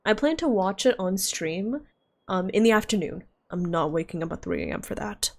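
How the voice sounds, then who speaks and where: A woman's voice: mid-range voice, lively intonation, moderate pace. A woman streaming a video game, chatting casually and giggling as she talks to her viewers. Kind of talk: casual gaming stream chat.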